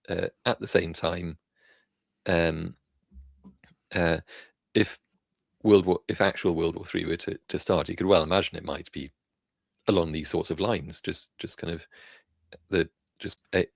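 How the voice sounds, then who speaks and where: A man with a very deep, gravelly voice hosts a live science and tech news stream. He chats casually and rambles, restarting his sentences often. The sound is close and dry. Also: no echo. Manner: rambling, many fillers and restarts. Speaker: livestream host.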